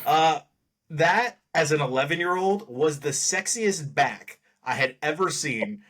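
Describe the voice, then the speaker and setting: A man's voice: fairly high pitch, expressive, a little slow, fairly bright tone. A man co-hosting a podcast, chatting casually about a movie with a wry, sarcastic edge and frequent laughter. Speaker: podcast co-host. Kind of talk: casual movie review chat.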